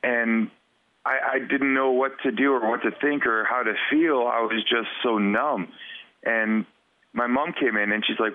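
A man from western Canada, a podcast guest telling a personal story in an earnest, halting way that repeats words. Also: mid-range voice, steady tone, dry recording. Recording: tinny phone-like line, dry.

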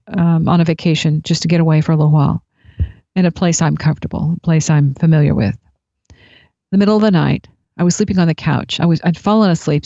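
A woman tells a personal story in a reflective, unhurried way. Her voice sits low and mellow. The recording is dry and slightly dull. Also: vocal fry, no echo. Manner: reflective, unhurried anecdotal telling. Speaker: speaker sharing spiritual experiences.

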